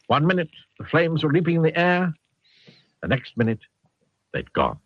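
Husky man reading a storybook. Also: a little high, moderate pace, pauses often. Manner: very expressive, swooping delivery. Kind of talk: reading a children's picture book aloud. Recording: dull lo-fi sound.

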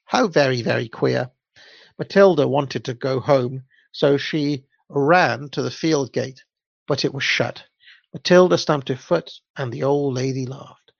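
In a medium-pitched, gravelly voice, a man reads a children's story a little slowly, unpolished and sometimes stumbling over words. He seems amused by the text. The recording is dull, dry, lo-fi and echo-free.

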